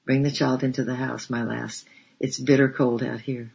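A man reading aloud, voicing a kindly, steady old grandfather who speaks gently with homely dialect words. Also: mid-range voice, normal speed, gravelly, husky. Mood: gentle. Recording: dull lo-fi recording.

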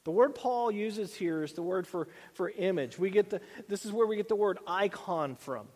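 A man's voice: high-pitched, animated, moderate pace, darkish tone, long reverb tail. A middle-aged man preaching a sermon in a loose, conversational way, often repeating words and using fillers. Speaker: pastor.

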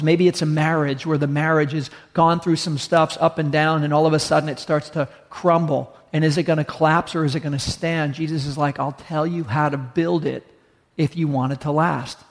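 Male pastor, gravelly, slightly high voice, mid-sermon storytelling, long hall reverb. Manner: storytelling, acts out dialogue, slows for emphasis.

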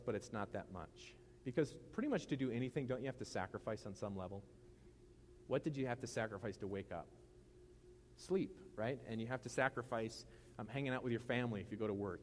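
A man's voice: fairly low pitch, darkish tone, slight background noise. Joking man preaching a casual sermon. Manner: joking, conversational asides. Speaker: pastor.

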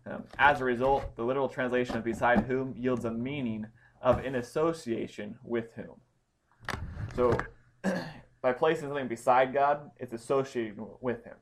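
A man's voice: medium pitch, normal speed, slight background noise. Man methodically teaching Greek grammar. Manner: methodical, explanatory, with frequent ums and restarts. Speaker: Bible study teacher. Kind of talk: explaining Greek grammar in a Bible lesson.

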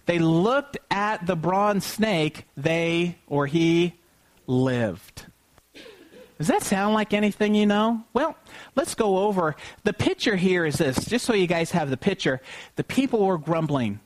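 A man preaching an Easter sermon, often asking the congregation questions and pausing for them to call back the answer. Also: high voice, lively intonation. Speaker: pastor.

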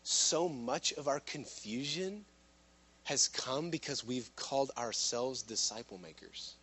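A man preaching a sermon to a live room, impassioned, swinging from loud urgent lines to hushed ones. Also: mid-range voice, animated, slow, breathy edge. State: out of breath at times. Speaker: pastor.

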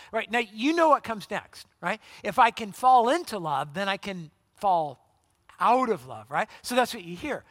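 Man, pastor, sermon, conversational, high voice, dry sound. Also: lively intonation, moderate pace, fairly bright tone, no room sound. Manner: conversational, acts out quoted voices, repeats words.

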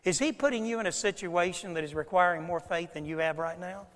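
High-voiced preaching man in a reverberant hall. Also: brisk. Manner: preaching with dramatic swings between loud and hushed. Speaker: pastor. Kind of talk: sermon.

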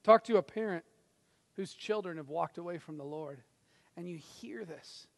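Pastor, male, high gravelly voice, dramatic sermon delivery in a reverberant hall. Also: moderate pace. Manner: dramatic, swings from loud to hushed, acts out quotes.

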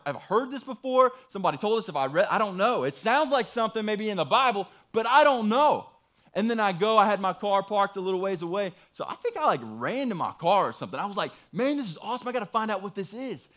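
Guy pastor telling his story in a sermon, slightly high voice, casual, says man a lot, gets loud then real quiet. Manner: swings from loud pleading to hushed, soft storytelling; casual, conversational preaching with fillers like "man".

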